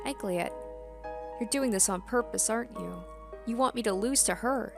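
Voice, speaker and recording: A woman's voice: on the high side, normal speed, creaky, music in the background, voice pushed up. A woman reading aloud the lines of a possessive, imperious young princess girl from a game. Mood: hurt. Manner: bossy, indignant reading.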